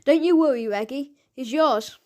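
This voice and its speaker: A woman's voice: high voice, moderate pace, dark tone, natural voice. Woman doing a menacing crime boss Mister Big. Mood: commanding. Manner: sneering, threatening.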